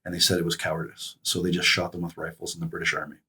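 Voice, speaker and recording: Middle-aged male guest, deep husky voice, halting reflective storyteller. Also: little pitch movement, bright, forceful tone. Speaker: podcast guest. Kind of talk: casual conversation.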